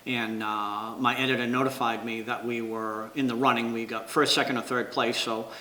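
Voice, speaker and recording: A man's voice: mid-range voice, level tone, normal speed, bright, forceful tone. Storytelling man in a roomy space. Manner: rambling storyteller who acts out quoted dialogue. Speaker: news photographer. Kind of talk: documentary interview, recounting anecdotes. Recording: roomy echo.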